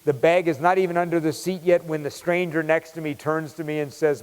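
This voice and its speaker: A man giving a keynote talk, telling a story in an animated, conversational way. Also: on the high side, brisk, clear, resonant tone. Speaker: keynote speaker. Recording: long hall reverb.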